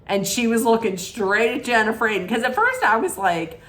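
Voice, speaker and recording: A woman's voice: a little high, big pitch swings, brisk, fairly bright tone. A woman recapping reality TV in a casual, gossipy, sassy way from home, with plenty of fillers.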